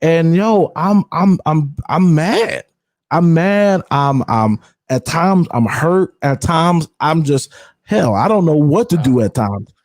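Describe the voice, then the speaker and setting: A fairly high-voiced man hosts a podcast in a loose, conversational way. He talks candidly and emphatically, drops slang and often repeats words. The sound is dry and close. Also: expressive, slow pace, a little mellow, dry recording. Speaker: podcast host.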